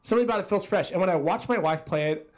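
A man hosts a casual gaming podcast, rambling, swearing freely, and poking fun at himself. His voice sits high and he talks at a racing speed.

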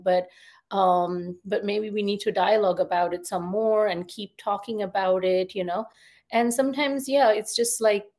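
A woman's voice: medium pitch, darkish tone. A woman in her thirties, a therapist and coach, talking casually as a podcast guest with lots of fillers and restarts. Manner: chatty, many fillers and restarts. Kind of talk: casual conversational interview.

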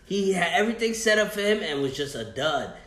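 A man co-hosting a hip-hop podcast, giving blunt, dry opinions. His voice is slightly high and swings widely in pitch, and it is picked up in an echoey room. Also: very animated, brisk, fairly bright tone. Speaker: podcast co-host. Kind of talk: casual hip-hop talk.

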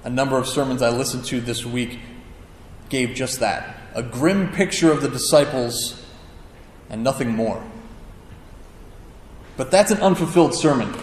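A male pastor delivering a sermon in a relaxed, conversational way, slipping in self-deprecating jokes. His mid-range voice carries a long reverb and rings around a roomy hall, with a faint hum of ambience behind him. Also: medium pitch, moderate pace, pauses often. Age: adult with a child.

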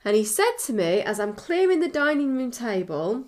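A woman's voice: fairly high pitch, very animated, normal speed, darkish tone. A middle-aged woman co-hosting a podcast, telling a story with animation and laughing often. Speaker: podcast co-host. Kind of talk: casual chat.

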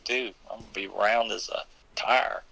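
A man's voice: lowish voice, fairly even intonation, moderate pace, gravelly, bright, forceful tone, poor audio. A man from Maryland with a slight Southern Maryland twang, a country singer guesting on a radio show. He talks in an easygoing way and laughs often. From Maryland, USA. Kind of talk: casual radio interview.

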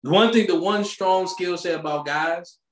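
A man co-hosting a podcast, chatting casually with slangy, animated storytelling. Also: high-pitched, moderate pace, echoey room. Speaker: podcast co-host. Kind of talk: casual chat.

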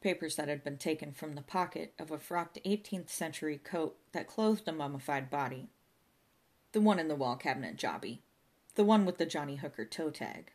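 A woman reads a comic novel aloud in a dry, deadpan manner. Her voice is low-pitched and steady, letting the absurd details land without fuss. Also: normal speed. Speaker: narrator. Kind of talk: audiobook narration of a comic novel.

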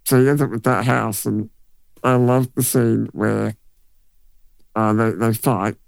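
Gravelly laid-back man. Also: on the low side, steady tone, a little slow, dry recording. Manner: laid-back, laughs a lot, swears. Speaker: podcast co-host. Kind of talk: casual chat.

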